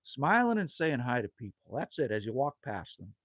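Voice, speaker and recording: A man's voice: medium pitch, sing-song, normal speed, no echo, studio quality. A man hosting a casual live stream outdoors at a cabin, answering viewer comments in a chatty, laid-back way and calling everyone man or buddy.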